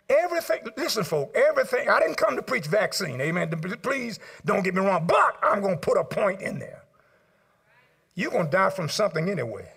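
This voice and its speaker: With a strikingly high, husky voice touched by vocal fry, an older male pastor preaches a sermon in rhythmic call and response. He rises into loud sung exclamations, then drops to quiet murmured asides. Addressing the congregation directly, he asks them to note down his points.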